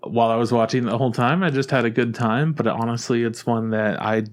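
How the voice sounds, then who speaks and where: A man's voice: mid-range voice, fairly even intonation, brisk. Laid-back man chatting on a podcast. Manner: laid-back, easygoing, drifting sentences. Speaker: podcast co-host. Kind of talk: casual chat.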